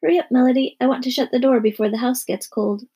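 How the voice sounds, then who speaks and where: A woman playing a brisk, weary storybook mother. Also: sits high, dark tone, husky, pitched above the performer's own voice. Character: patient, weary mother of four.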